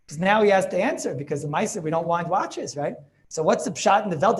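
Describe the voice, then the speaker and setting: A man giving an informal Torah class as a rabbi, animated and repetitive, mixing in Yiddish and Hebrew terms. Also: high voice, fast talker. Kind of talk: informal Talmudic lecture.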